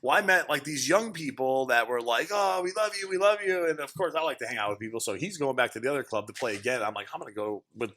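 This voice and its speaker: A man's voice: medium pitch, quick pace, hardly any pauses, slight background noise. A man guest telling wild tour stories in a casual interview, swearing freely and acting out what people said. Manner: animated, swears freely, acts out quotes. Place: indoor studio loft.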